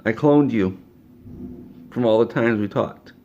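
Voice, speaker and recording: A man voicing a curt, loud, wealthy father who runs a game studio. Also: medium pitch, unhurried, muffled recording, slight background noise, close to an everyday voice.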